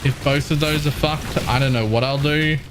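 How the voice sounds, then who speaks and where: A man's voice: on the high side, steady tone, normal speed, over music. A man chatting casually while live-streaming a game, wry and ranting, repeating lines for emphasis.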